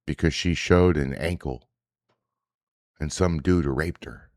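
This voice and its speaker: A man's voice: very deep voice, slow, darkish tone, no room sound, studio quality. A man hosting a daily reaction livestream, ranting in a profane, combative, casual way. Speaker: host. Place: indoors, home setup.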